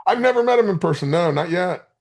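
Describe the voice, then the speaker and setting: A man's voice: high voice, fast, creaky. A man in his fifties hosting a podcast, chatting casually with friends and telling stories in a profane, joking way. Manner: profane, joking, animated storyteller. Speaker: podcast host.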